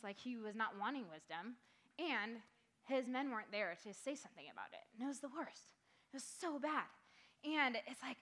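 A young woman leads a youth group in a casual sermon, her voice bright and edged with a higher pitch. She talks excitably with many "like" fillers, jumping from loud exclamations to quiet, earnest urging. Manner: excitable, full of "like" fillers, swings from loud outbursts to hushed earnest talk.

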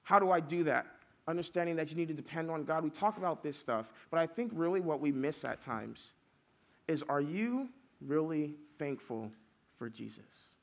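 A man with a high-ish, animated voice and some vocal fry preaches to young people at a normal speed. He's a youth pastor telling chatty stories full of fillers.

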